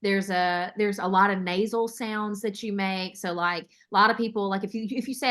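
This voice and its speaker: An American woman guesting on a faith podcast, chatting casually. Her voice is bright and forward, and she tells stories with energy and frequent laughter. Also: medium pitch, moderate pace, few pauses. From United States. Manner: animated, laughs often. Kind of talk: casual chat.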